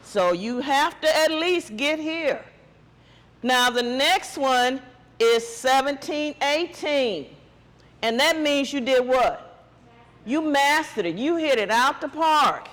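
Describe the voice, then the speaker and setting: A man's voice: extremely high pitch, animated, slow pace, a bit bright, big-room sound. A man teacher giving a test-prep lesson, quizzing students with call-and-response questions.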